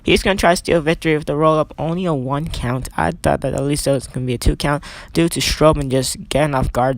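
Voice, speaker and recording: Young male hobby commentator, mid-pitch, loose rambling play-by-play, faint hiss and clicks behind. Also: gravelly. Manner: rambling, self-correcting, chatty asides. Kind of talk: casual video game commentary.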